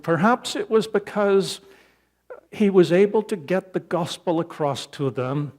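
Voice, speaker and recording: Slow, unhurried male pastor preaching. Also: fairly high pitch, a little mellow. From Canada. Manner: slow, earnest storytelling with frequent hesitations. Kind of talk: sermon. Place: church sanctuary.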